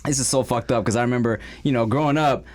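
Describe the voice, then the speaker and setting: A man's voice: mid-range voice, fast. Slangy laid-back male podcast host. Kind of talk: casual chat.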